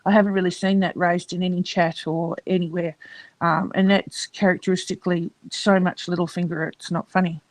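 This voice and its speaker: A woman's voice: on the low side, flat delivery, brisk, no room sound. A woman in a casual group chat who explains things politely.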